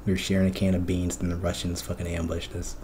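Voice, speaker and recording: A man's voice: sits low, monotone, fast, dark tone, a little hiss or hum. A man streamer in casual chat, recounting a dream in a profane, rambling way with lots of fillers.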